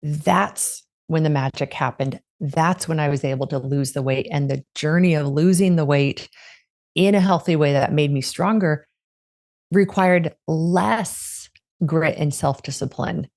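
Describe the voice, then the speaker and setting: Deep-voiced woman sharing her story. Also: unhurried, a little mellow. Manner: candid, reflective storytelling. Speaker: guest. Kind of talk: conversational interview.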